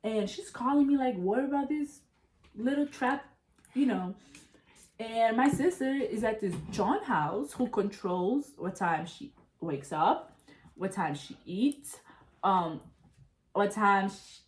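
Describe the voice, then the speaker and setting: Young woman, casual storytelling, profane and animated, medium pitch, echoey room. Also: slow pace, slight background noise. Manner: animated, profane, addresses listeners as y'all. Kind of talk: casual chat. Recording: roomy echo.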